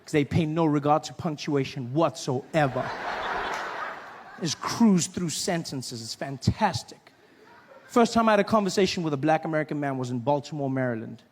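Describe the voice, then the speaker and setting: A South African man doing a stand-up comedy routine, telling stories with lively impressions. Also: on the high side, moderate pace, long reverb tail, a little hiss or hum. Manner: animated storytelling with impressions.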